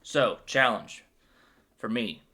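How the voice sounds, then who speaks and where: A man's voice: mid-range voice, lively intonation, slow pace, sharp tone. A man hosting a casual Bible commentary, upbeat and playful, cracking jokes as he retells the chapter. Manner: playful and joking; upbeat and enthusiastic. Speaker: Bible video host.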